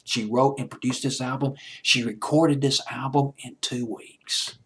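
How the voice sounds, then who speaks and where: A man's voice: medium pitch, steady tone, a little slow, fairly bright tone, breathy edge. A man hosting a home-made countdown show, talking casually and enthusiastically with asides and restarts. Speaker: countdown host. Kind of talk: casual radio-style countdown talk.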